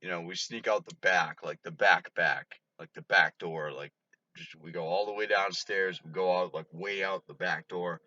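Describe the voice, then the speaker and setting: Drunk man, rambling and profane, deep but bright voice, dull lo-fi recording. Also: fairly even intonation, normal speed, dry recording. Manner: rambling, profane, laughs often. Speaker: vlogger. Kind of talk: rambling storytelling to camera.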